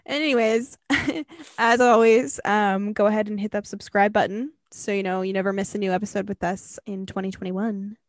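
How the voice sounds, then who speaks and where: A young woman co-hosting a podcast, telling a story in a casual, animated way, laughing and swearing often. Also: mid-range voice, moderate pace, no room sound. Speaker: podcast co-host.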